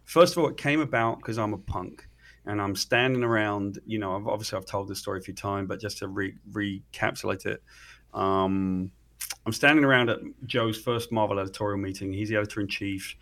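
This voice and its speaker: A man's voice: on the low side, a little fast. A man with a British accent, a comic writer guest telling a story casually in an interview, acting out the dialogue. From Britain. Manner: animated storyteller, acts out quoted dialogue.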